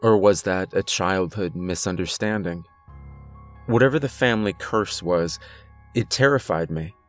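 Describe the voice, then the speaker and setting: Deep-voiced man narrating horror. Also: no room sound. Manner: measured storytelling.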